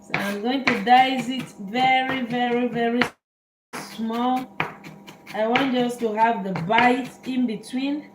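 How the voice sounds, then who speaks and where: Slow-talking woman hosting a live cooking demo. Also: a little high, steady tone, reverberant, music in the background, low-quality recording. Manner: chatty, narrates each step to viewers. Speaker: cooking show host. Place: kitchen.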